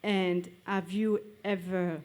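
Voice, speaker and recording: A woman's voice: lowish voice, level tone, slow, darkish tone. Woman in the audience, polite, hesitant questioner with fillers. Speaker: audience member asking questions. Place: live event, audience microphone.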